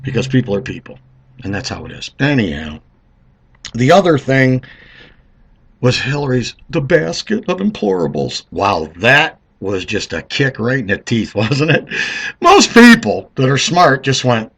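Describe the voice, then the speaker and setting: Husky, animated man ranting. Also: mid-range voice, a little slow. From Italian heritage. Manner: rambling, sarcastic, talks straight to the listener. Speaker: political commentator. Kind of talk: vlog commentary monologue.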